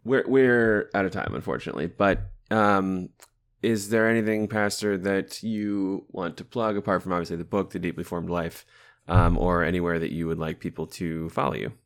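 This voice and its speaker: A man's voice: deep voice, fairly even intonation, moderate pace. A man co-hosting a casual podcast interview, easygoing and wrapping up the talk with small restarts. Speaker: podcast co-host.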